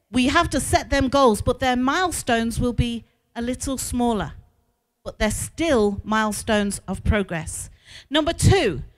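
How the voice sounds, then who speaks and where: A woman school consultant giving a talk to school staff in a conference hall, telling stories with lively, emphatic repetition. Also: fairly high pitch.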